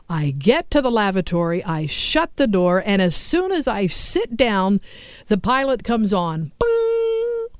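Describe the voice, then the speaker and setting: A woman's voice: fairly high pitch, clean tone, dry recording. Woman telling stories, dry and close. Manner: animated, self-mocking, acts out quoted lines. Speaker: host telling funny stories. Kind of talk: storytelling monologue.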